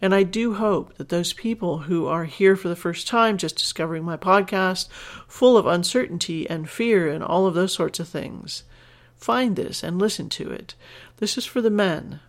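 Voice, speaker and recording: A woman with a lowish voice, talking at normal speed, hosts a podcast and reads a letter from a listener. Her reaction is earnest and emotional, alternating between tears and laughter.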